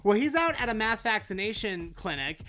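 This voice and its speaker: A woman delivers comedic news commentary in a sarcastic, mocking rant, her pitch sitting squarely in the middle of the usual range. Faint music plays softly behind her. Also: very animated, moderate pace.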